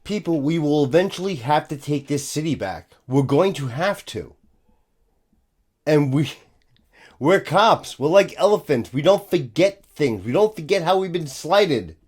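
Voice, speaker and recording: New cop guy ranting and swearing, high voice swinging all over the place. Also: animated, a little slow, a little mellow, husky. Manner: profane, scornful, emphatic. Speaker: police officer commentator. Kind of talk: ranting commentary.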